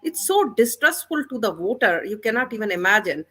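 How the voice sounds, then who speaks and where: A woman's voice: medium pitch, sing-song, fairly quick, bright, forceful tone, husky. A woman speaking emphatically as a panelist in a political debate, using "you know" fillers and slipping into Hindi.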